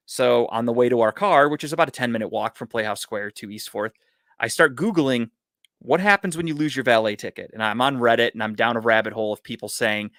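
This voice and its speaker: A man's voice: medium pitch, a little fast, no echo, studio quality. A man telling a long story on a casual podcast, swearing a lot and acting out what everyone said. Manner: profane, animated storyteller. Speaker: podcast co-host.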